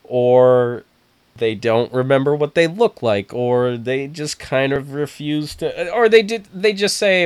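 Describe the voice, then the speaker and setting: A man in casual podcast chat, talking in an animated, halting way with frequent restarts. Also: medium pitch, smooth, no echo.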